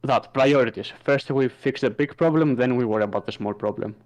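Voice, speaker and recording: A man's voice: medium pitch, fairly quick, a little mellow. A man playing a tabletop game, blunt and practical. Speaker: player.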